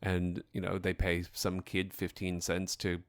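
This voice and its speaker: A man's voice: sits low, monotone, a little slow, no room sound, studio quality. A man co-hosting a podcast, joking around in casual chat and laughing often. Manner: jokey, laughs often, fond of goofy puns. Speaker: podcast co-host.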